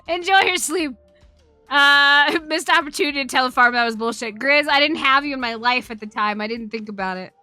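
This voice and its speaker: A woman's voice: a little high, bright, forceful tone, clean tone, no echo. A woman streamer chatting casually, telling a rambling, profane story and laughing as she greets her chat. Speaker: Twitch streamer.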